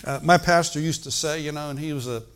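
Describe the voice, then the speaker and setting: The speaker, an older man who pastors a church, talks fast in a fairly high, clean and slightly bright voice. He preaches conversationally and keeps checking in with the congregation through call-and-response asides.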